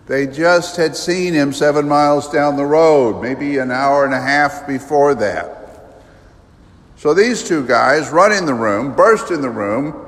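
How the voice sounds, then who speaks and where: Priest, male, unhurried sermon delivery, vivid and emphatic, big church reverb. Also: a little high. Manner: slow, emphatic, vivid storytelling with sudden rises. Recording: long reverb of a large church.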